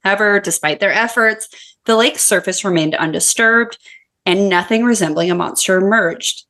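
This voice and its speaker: A woman's voice: medium pitch, moderate pace, a bit bright. A woman co-hosting a podcast, chatting casually with swearing and reading her research notes aloud. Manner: profane, laughing banter. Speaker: podcast co-host.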